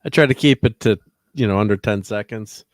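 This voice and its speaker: A man's voice: on the low side, a little fast, no echo, clean studio sound, soft background music. A middle-aged man hosting a casual livestream chat, laid-back and chuckling often. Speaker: host.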